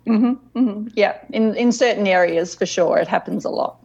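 A woman's voice: medium pitch, normal speed, a little mellow, breathy edge, muffled recording. A woman with an Australian accent, a podcast guest, chatting in a friendly, easygoing way. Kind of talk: casual conversation.

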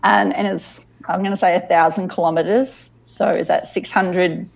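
A woman's voice: on the low side, fairly even intonation, moderate pace, gravelly, dull audio. A woman with an Australian accent, a podcast guest, chatting in a friendly, easygoing way. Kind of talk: casual conversation.

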